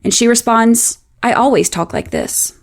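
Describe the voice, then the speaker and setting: A woman hosting a true-crime show, narrating a scripted account in a measured, explanatory way with a lightly sardonic edge. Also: fairly high pitch, animated. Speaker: podcast host.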